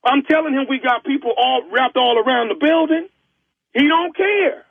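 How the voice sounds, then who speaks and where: A man's voice: very high-pitched, moderate pace, creaky, no room sound. A man on a prank call voicing an exasperated, pushy male record store clerk who scolds and talks over the other man. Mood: scolding. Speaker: prank caller. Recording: tinny phone line.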